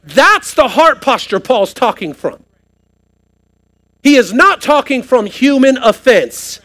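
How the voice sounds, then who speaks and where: High-voiced preaching pastor. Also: male voice, animated, slow pace, fairly bright tone. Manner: preaching with rising emphasis, asking the congregation questions. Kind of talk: sermon. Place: church sanctuary, live service.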